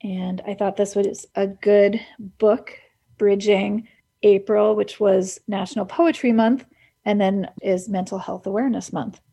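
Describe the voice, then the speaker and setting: A woman's voice: mid-range voice, fairly even intonation, measured pace, vocal fry, warm tone, breathy edge. A woman hosting a radio show, chatting casually and enthusiastically about books and laughing easily. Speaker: radio host. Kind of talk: casual book chat on radio.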